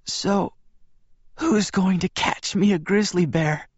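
A man voicing a weak young pregnant woman who speaks in a breathy, rasping whisper and makes brave jokes. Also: high voice, animated, very slow, no echo, muffled recording, voice pushed up, exaggerated voice.

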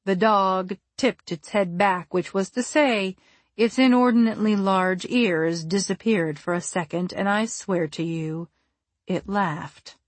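A woman narrating a first-person story for an audiobook in a measured, wry and deliberate way, close on the mic. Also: mid-range voice, no echo.

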